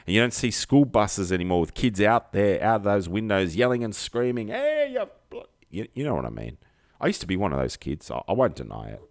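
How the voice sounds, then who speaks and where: A man's voice: on the low side, animated, fairly quick, dry recording, clean studio sound. A man hosting a livestream, rambling through a comic monologue with self-mocking jokey asides. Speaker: livestream comedy host.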